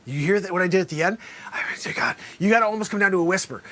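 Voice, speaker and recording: A man hosting an improvised comedy sketch as a courtroom lawyer, theatrical and bursting into loud exclamations. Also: high-pitched, expressive, very fast. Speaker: host playing a courtroom lawyer.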